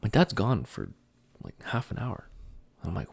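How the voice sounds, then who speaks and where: A man as a podcast guest, telling a story in casual chat, his voice jumping up when he gets excited. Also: fairly low pitch, measured pace, vocal fry, husky.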